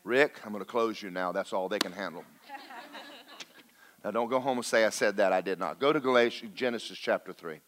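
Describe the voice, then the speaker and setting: Pastor, male, folksy sermon delivery with jokes and drawn-out emphasis. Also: fairly low pitch, background noise. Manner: preacherly, folksy and joking, slows for emphasis.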